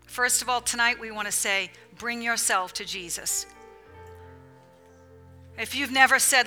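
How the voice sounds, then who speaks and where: A woman's voice: a little high, a little slow, pauses often, pushed and bright, faint music behind. A woman preaching a fervent, emphatic sermon to a women's church gathering, with a repetitive preaching cadence.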